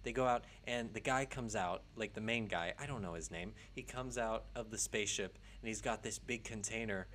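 A man's voice: lowish voice, normal speed, few pauses, a bit bright, a little hiss or hum. A man co-hosting a film podcast, riffing on jokes in casual chat. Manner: jokey, riffing. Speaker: podcast co-host.

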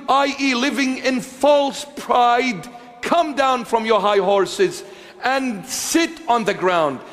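Preaching bishop, man, high-pitched and unhurried, emphatic repetition, hushed to raised, long church reverb. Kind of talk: sermon.

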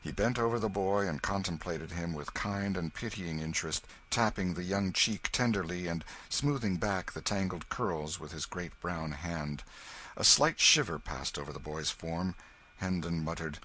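Male audiobook narrator, measured, bright husky tone. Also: deep voice, rough recording. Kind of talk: scripted narration.

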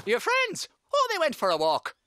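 A woman's voice: sits high, wildly swooping pitch, normal speed, noisy background. A woman voicing a greedy, sly male leprechaun merchant in a cartoon, with wheedling sales patter and gloating cackles. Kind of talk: cartoon voice acting.

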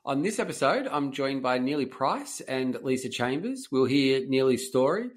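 A man's voice: medium pitch, sing-song, normal speed. An Australian man hosting a podcast, interviewing a guest over a video call in a loose, rambling way with many restarts. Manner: rambling, restarts questions often. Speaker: podcast host. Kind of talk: casual interview chat.

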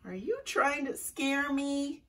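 A woman voicing a timid possum in hiding, talking slowly and fearfully. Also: sits high, animated, recorded from a distance, pitched above the performer's own voice, heavily acted. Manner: slow, hushed and fearful.

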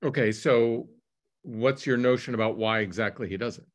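A man's voice: mid-range voice, moderate pace. A man interviewing a guest, prompting him with questions and brief acknowledgments. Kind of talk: conversational interview.

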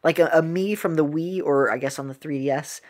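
A woman giving casual, rambling reaction commentary on videos, excitable and often stumbling over her words. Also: deep voice, brisk.

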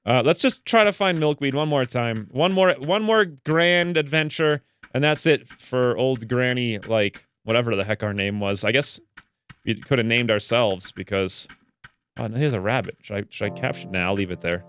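Excitable man narrating his gameplay. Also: moderate pace, slight background noise. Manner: chatty, excitable, jumps to high pitch when delighted. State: stuffy nose. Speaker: let's play gamer. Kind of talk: casual gameplay commentary.

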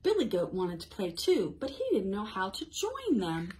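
A woman's voice: mid-range voice, huge pitch swings, normal speed, a little mellow, slight background noise. A woman librarian leading a toddler storytime, encouraging and sing-song, reading a picture book aloud. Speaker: children's librarian.

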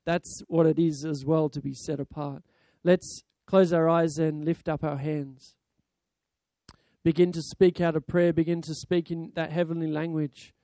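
Fervent, high-voiced Australian pastor preaching. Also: male voice, mellow, no echo. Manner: fervent preaching, repeats "Lord God" between prayer phrases. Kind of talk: sermon and closing prayer. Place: church sanctuary.

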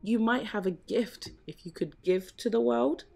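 A woman doing a quick-witted young crab. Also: a little high, gravelly, soft background music, voice pushed up. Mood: gentle advice. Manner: shouts urgent warnings. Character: clever kind young female crab.

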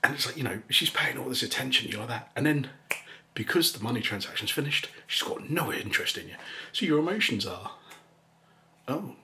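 A man telling a rambling story in a soft, casual way, laughing often and slipping into whispers. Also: mid-range voice, expressive, fast talker, a little hiss or hum. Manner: rambling and chuckling, drops into whispers. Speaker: ASMR channel host.

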